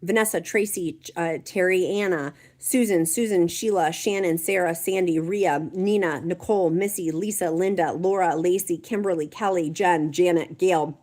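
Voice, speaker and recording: Lady on a livestream, chatty, reads comments out, voice on the lower side. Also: fairly even intonation, moderate pace, hardly any pauses, darkish tone. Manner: reads chat comments aloud, chatty and encouraging. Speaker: livestream host. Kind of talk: casual livestream chat.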